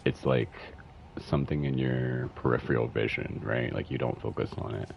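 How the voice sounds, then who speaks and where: A man's voice: very deep voice, fairly even intonation, normal speed, gravelly. A man streaming a video game, chatting casually, swearing and humming as he reads game text aloud. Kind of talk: casual gameplay commentary. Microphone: headphones and desk mic. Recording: slightly muffled stream audio with faint hiss.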